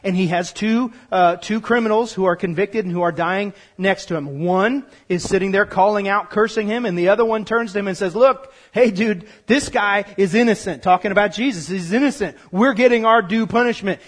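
Man, preacher, high voice, emphatic sermon, repeats himself, quiet then loud. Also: moderate pace, hardly any pauses. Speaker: pastor.

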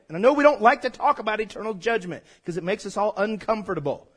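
A man's voice: high voice, fast, hardly any pauses. A man preaching a sermon as pastor, conversational and folksy, prompting the congregation to call back.

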